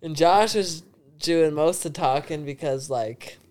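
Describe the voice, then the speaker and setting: A man's voice: a little high, a little slow, darkish tone. A young man in his twenties, a podcast guest telling a rambling story full of swearing and laughter. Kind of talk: casual storytelling.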